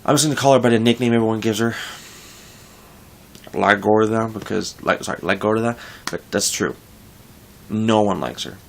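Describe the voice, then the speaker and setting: A man's voice: fairly low pitch, normal speed, gravelly, pauses often, slight background noise. A young man talking casually in a vlog, venting frustration about his workplace in a rambling way with frequent restarts. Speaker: vlogger.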